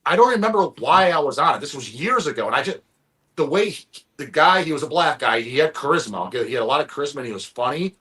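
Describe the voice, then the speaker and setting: A man's voice: on the high side, lively intonation, fast, fairly bright tone. A man hosting a casual live-stream chat, rambling and profane, often stumbling over restarts. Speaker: stream host.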